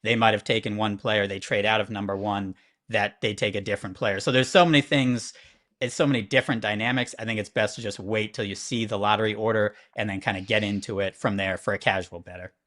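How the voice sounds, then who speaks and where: A man's voice: fairly low pitch, steady tone, quick pace, a bit bright. A man working as a sports betting analyst, explaining at length and thinking aloud, often checking in with "right?". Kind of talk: conversational analysis.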